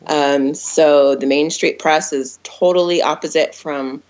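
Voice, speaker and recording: A woman's voice: low-pitched, fairly even intonation, unhurried, a little mellow, muffled recording. A woman from South Florida, a guest speaking in a friendly way with frequent fillers. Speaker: guest, business co-owner. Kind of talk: casual interview chat.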